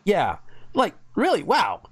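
A man's voice: high voice, takes it slowly, breathy edge. A man co-hosting a podcast, telling stories in casual chat, swearing and laughing often. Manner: animated, swearing, laughing storyteller. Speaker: podcast co-host.

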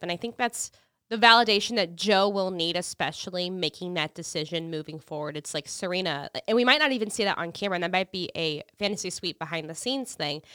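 Bright animated woman podcaster. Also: on the low side, smooth, no echo, clean studio sound. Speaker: podcast co-host. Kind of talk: casual podcast chat.

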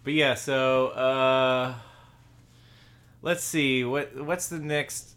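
A man's voice: medium pitch, fairly even intonation, very slow, a bit bright. A man with a Southern US accent hosting a casual film discussion, meandering and often restarting his sentences.

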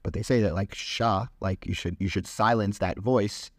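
A man co-hosts a podcast, talking loosely through a scripture passage. His voice sits low, and the sound is dry and close. He rambles, with frequent fillers and restarts. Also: normal speed, no echo. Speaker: podcast co-host. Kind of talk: casual chat about scripture.

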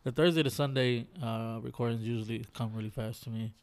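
A man's voice: mid-range voice, steady tone, fairly quick. A man hosting a casual podcast chat, stuffed up and nasal, laughing often. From Mexican heritage. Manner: laughs often, loose and joking. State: congested, nasal. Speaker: podcast host. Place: hot garage.

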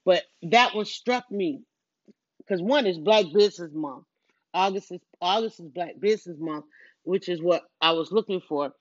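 A woman's voice: lowish voice, normal speed, no room sound, dull audio. A woman telling a personal story in a casual monologue, earnest and rambling, with many restarts and asides to the listener.

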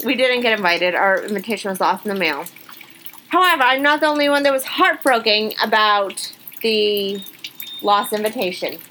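A woman co-hosting a podcast, chatting casually and reading funny news stories aloud with lively exclamations. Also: medium pitch, normal speed, a little hiss or hum, low-quality recording. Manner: chatty, animated, reacts with exclamations. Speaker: podcast co-host.

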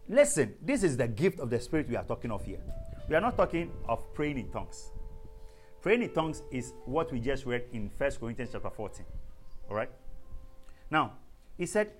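A man's voice: medium pitch, brisk, long pauses, soft background music. A man teaching a sermon on prayer, calling out questions to the congregation and breaking into tongues. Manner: animated, calls to the congregation, bursts into speaking in tongues. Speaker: preacher.

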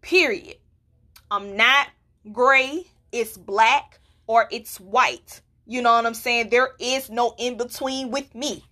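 Blunt, bright-voiced young woman podcaster. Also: on the high side, steady tone, slow. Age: 20s. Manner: candid and blunt, with rhetorical check-ins. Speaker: podcast host. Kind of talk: casual solo podcast talk.

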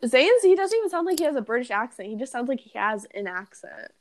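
A woman's voice: high voice, sing-song, fast. A woman in casual fan chat, giggling often and filling her talk with "like" and "um". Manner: giggly, filler-heavy fan chatter.

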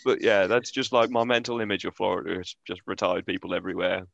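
A man co-hosting a podcast, animated and swearing freely. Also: deep voice, fast, vocal fry, no echo, lo-fi sound. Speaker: podcast co-host. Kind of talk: casual chat.

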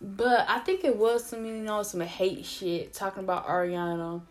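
A woman vents to her viewers in a loose, unscripted rant, speaking. She swears freely, piles up fillers and keeps interrupting herself. Her pitch sits in the middle range for a woman. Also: moderate pace. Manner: profane, animated, rambling with many fillers and self-interruptions. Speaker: vlogger. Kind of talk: casual opinion rant to camera.

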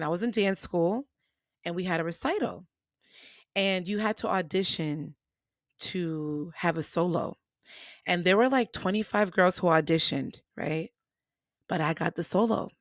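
A young woman podcast host telling a personal story, animated and acting out the people she quotes, talking straight to her listeners. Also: mid-range voice, no echo, studio quality. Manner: animated, acts out quoted voices, addresses listeners as y'all.

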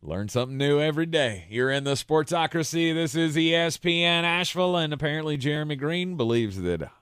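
A man's voice: a little high, brisk, fairly bright tone, clean tone, no echo, clean studio sound. A man hosting a sports radio show, teasing his co-host and pushing back in disbelief. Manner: teasing, incredulous pushback. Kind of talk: casual sports radio banter.

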